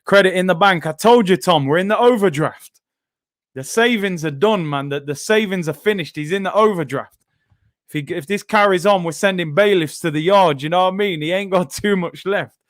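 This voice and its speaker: A man reacting live to a football match as the host of a watchalong, excitable and slangy, breaking into shouts. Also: sits high, fairly quick, no echo, studio quality.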